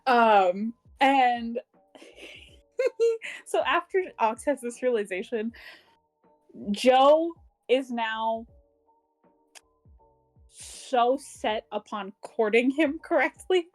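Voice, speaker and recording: A woman's voice: on the high side, sing-song, very slow, pauses often, faint music behind. A woman co-hosting a book club podcast, chatting casually about a novel, giggling often and swearing freely as she gushes. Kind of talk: casual chat recapping a novel.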